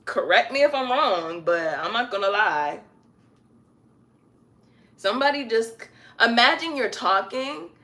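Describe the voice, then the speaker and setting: A woman chatting casually on a live stream while styling her own hair at home, animated and stretching words out for emphasis. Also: a little high, a little slow, long pauses.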